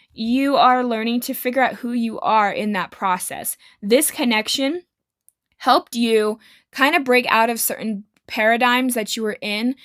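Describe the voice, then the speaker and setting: A woman's voice: a little high, a bit bright, no echo. Dry-voiced woman doing a tarot reading. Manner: reassuring, rambling with fillers. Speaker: tarot reader.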